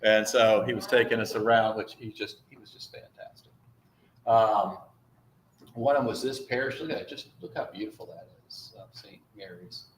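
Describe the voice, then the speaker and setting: A man's voice: on the low side, normal speed, slight background noise. A man, a priest, telling a church group a rambling, chatty travel story with lots of fillers. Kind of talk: informal talk to a congregation with slides. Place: church hall. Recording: echoey room, faint ambience.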